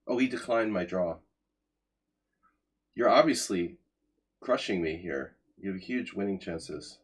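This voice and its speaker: Man, 40s, low pitch, chess streamer, sardonic live commentary. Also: measured pace, husky. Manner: chatty, sardonic, talks to chat.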